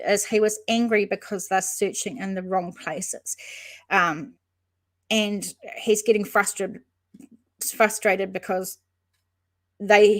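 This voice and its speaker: A woman hosts a relaxed true-crime livestream, reading out viewer comments and greeting chatters by name. She talks things through as she goes, hesitating and restarting her sentences, at an ordinary middle pitch. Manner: thinks aloud, hesitant with frequent ums and restarts.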